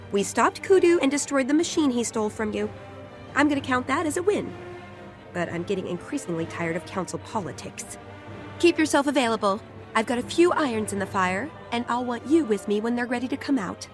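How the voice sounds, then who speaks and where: A woman's voice: fairly high pitch, expressive, fairly quick, faint music behind, natural voice. An actress playing a blunt, sardonic female mage ally in a video game, speaking in a dry, matter-of-fact way. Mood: wry.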